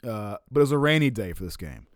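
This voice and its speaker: A man's voice: on the low side, quick pace, no room sound. Man telling a story in a dry room. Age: adult, looking back on his college years. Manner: relaxed and profane, with frequent laughs and fillers. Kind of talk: casual personal storytelling.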